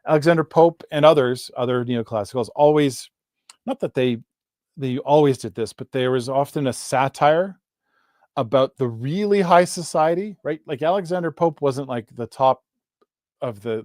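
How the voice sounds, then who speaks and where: Man, literature teacher, live online class, chatty, self-correcting, medium pitch, dry close sound. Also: a little mellow, no echo. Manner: chatty, self-correcting, reads poetry slowly with stressed rhythm.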